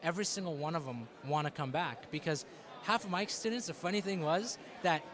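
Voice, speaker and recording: A man with a fairly high voice talks in a lively way and acts out his students' voices. A crowd is clearly audible behind him. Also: a little fast. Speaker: mentor, youth program speaker. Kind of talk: interview answer.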